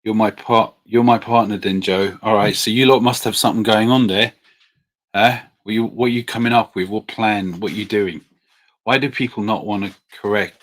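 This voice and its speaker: A man with a very deep voice chats casually with viewers on a livestream. He is friendly and hesitant, filling pauses with ums and quick apologies. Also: fairly even intonation. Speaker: livestream host. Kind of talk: casual live Q&A chat.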